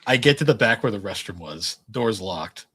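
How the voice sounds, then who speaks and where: A young man chatting casually on a podcast, with a husky, slightly breathy voice. He tells his stories in a laid-back manner, swearing and laughing as he goes. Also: lowish voice, animated, moderate pace, fairly bright tone. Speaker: podcast co-host. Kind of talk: casual chat, storytelling.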